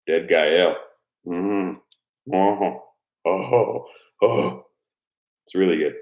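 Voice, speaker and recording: A man's voice: low-pitched, drawn-out words, long pauses, darkish tone, echoey room. A man chatting casually with his supporters, loose and profane, rambling and laughing often. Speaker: YouTube creator thanking patrons. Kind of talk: casual live chat with supporters.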